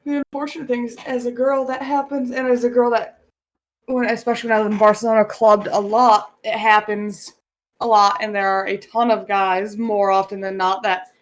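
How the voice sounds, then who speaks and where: A woman's voice: on the high side, level tone, moderate pace. A young woman from the United States co-hosting a podcast, frank and chatty, telling rambling anecdotes. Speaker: podcast co-host. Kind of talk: casual chat.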